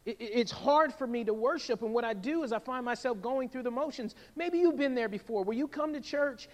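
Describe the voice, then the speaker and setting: A man preaching a sermon in a church, in a lively conversational way that keeps checking in with a "right?". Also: extremely high pitch, fairly quick, in a large hall. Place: church sanctuary.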